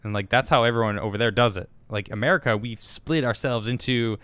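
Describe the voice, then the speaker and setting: A man hosting a casual live talk show, reading out viewer comments and chatting in a halting way, full of restarts. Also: medium pitch, fairly bright tone, smooth, no room sound. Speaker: host.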